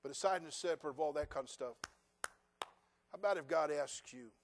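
A pastor delivers a sermon in a somewhat high voice at a normal speed, firing questions and sarcastic asides at the congregation. He sinks into quiet remarks, then builds to loud, driving passages. A slight hiss or hum sits under the recording.

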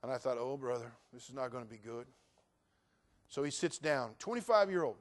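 A middle-aged male pastor preaching a sermon, shifting from quiet storytelling to loud exhortation. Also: medium pitch, animated, fairly quick.

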